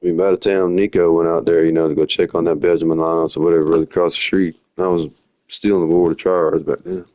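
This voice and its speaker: Low-voiced rambling young man. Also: little pitch movement, quick pace, dark tone, dry recording. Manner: rambling, slangy, drifting storytelling. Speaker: livestreamer. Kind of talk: rambling live-stream chat.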